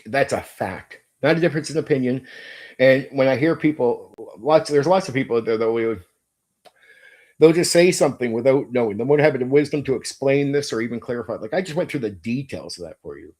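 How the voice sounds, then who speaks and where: Speaking fairly quickly with lively intonation, a middle-aged channel host delivers a blunt opinionated monologue, emphatic and sprinkled with swearing. His medium-pitched voice is slightly mellow.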